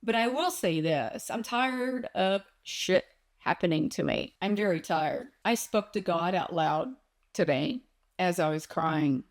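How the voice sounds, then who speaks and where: A woman talking in a personal vlog, distressed and close to tears, searching aloud for answers. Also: fairly low pitch. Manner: distressed and searching, slow with many pauses. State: on the verge of tears. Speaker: vlogger.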